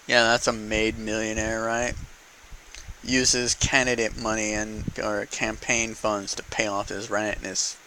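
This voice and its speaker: A man vlogger delivers an unedited, heated political rant to the camera, swearing a lot and repeating words for emphasis. His fairly low voice barely shifts in pitch and sounds pushed and bright, and he speaks unhurriedly. The audio is poor, with a slight hiss or hum.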